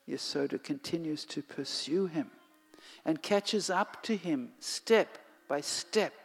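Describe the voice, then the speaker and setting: A storyteller narrates a devotional tale at an unhurried pace, sometimes dropping to a whisper. The voice trails into a long hall reverb with faint music beneath it. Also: medium pitch, vocal fry, breathy edge. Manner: slow and expressive, sinking to a whisper at times.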